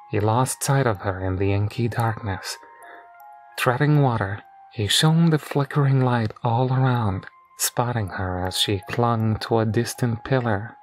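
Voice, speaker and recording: A man reading a scripted horror story in a slow, measured storytelling manner. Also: lowish voice, poor audio. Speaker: narrator. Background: faint music.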